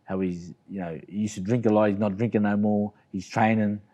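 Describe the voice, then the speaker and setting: Brief: Australian man, middle-aged, low and warm-toned, rambling interview storyteller. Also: fairly even intonation, a little fast, dull audio. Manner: rambling, repeats "you know what I mean". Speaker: interview guest, boxer. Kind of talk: casual storytelling.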